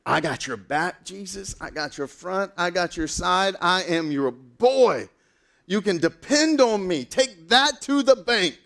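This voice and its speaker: A man's voice: on the high side, animated, moderate pace, long pauses, close to an everyday voice. A man voicing a brash, loyal young fisherman who talks cocky and emphatic. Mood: boastful. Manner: cocky, emphatic street talk.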